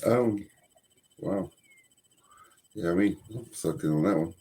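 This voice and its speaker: A man with an extremely deep voice, dark and mellow in tone, and a husky edge. He co-hosts a faith podcast and talks hesitantly, filling pauses with ums. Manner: hesitant, many ums and restarts. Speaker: podcast co-host. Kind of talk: faith-based podcast talk.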